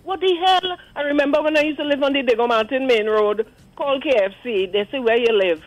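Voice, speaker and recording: A woman with a Trinidadian accent calling in to a radio show, animated and indignant, acting out the voices she quotes. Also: sits high, brisk, no room sound, low-quality recording. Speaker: caller. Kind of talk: call-in radio commentary. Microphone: phone line.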